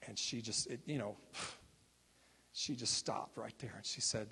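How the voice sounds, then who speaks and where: A minister sharing testimony stories in a relaxed, conversational way, acting out the people he quotes. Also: lowish voice, slow, gravelly, slightly rough, long reverb tail. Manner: conversational, acts out quoted speakers. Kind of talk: sermon testimony storytelling.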